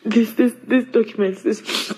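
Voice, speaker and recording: A remorseful, pleading young wife. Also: female voice, a little high, steady tone, measured pace, a little mellow, breathy edge, low-quality recording. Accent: Nigerian. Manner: pleading, stammering apology. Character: remorseful young wife begging husband's forgiveness. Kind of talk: film drama acting.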